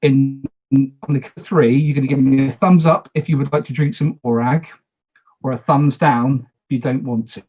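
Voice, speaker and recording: A man's voice: mid-range voice, steady tone, moderate pace, darkish tone, soft background music. A man moderating an online party game on a video call, talking casually, repeating instructions and making self-deprecating asides.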